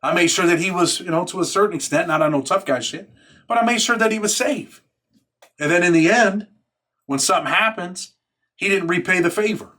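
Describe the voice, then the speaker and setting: Brief: New man, blunt and streetwise, slightly high-pitched storyteller. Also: a little fast, sharp tone. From New York. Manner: blunt, profane, street talk. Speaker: YouTuber recounting prison life. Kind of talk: casual storytelling monologue.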